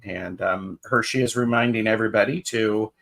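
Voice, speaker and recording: A man's voice: on the low side, steady tone, moderate pace, gravelly, a bit bright. A man co-hosting a live tarot stream in casual chat, greeting viewers by name with fillers and restarts.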